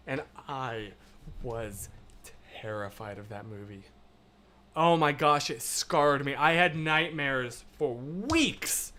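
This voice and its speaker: A man hosting a livestream, chatting casually and reading viewer comments, rambling and animated, swinging between loud and hushed. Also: on the high side, a little slow. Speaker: livestream host.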